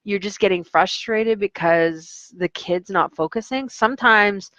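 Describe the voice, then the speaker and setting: A woman's voice: mid-range voice, unhurried, fairly bright tone, no echo, lo-fi sound. A young adult woman, an online English teacher, chatting casually about her classes and acting out her students in quotes. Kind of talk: casual vlog storytelling.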